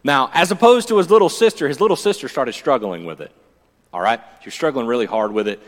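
A man preaching a sermon in a church, conversational and joking, swinging from loud emphasis to hushed storytelling. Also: mid-range voice, animated, fast, long reverb tail. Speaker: pastor.

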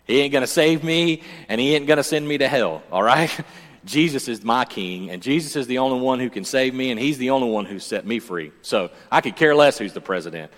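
A man's voice: medium pitch, animated, a little fast. Male pastor preaching in an echoey hall. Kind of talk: sermon. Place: church.

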